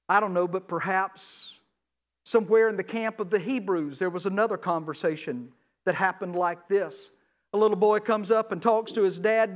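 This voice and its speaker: A man preaching a sermon to a large room, telling a story with acted voices, swinging between loud and hushed. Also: sits high, normal speed. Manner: dramatic storytelling with acted dialogue. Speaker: pastor.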